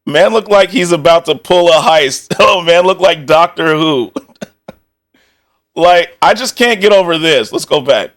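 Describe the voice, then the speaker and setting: This young streamer's voice sits a bit high for a man, expressive and fairly bright, with a slow, drawn-out delivery. He reacts casually to content, laughing frequently and tossing in curses and jokey banter.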